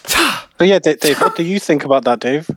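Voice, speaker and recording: A man co-hosting a sports podcast, chipping in with quick jokes in casual chat. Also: on the high side, lively intonation, fairly bright tone. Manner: joking interjections. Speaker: podcast co-host.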